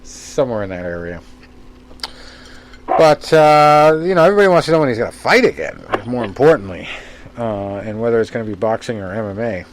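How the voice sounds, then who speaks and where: A man co-hosting a podcast in casual chat, talking in a relaxed, rambling way with many fillers. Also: on the low side, background noise. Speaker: podcast co-host.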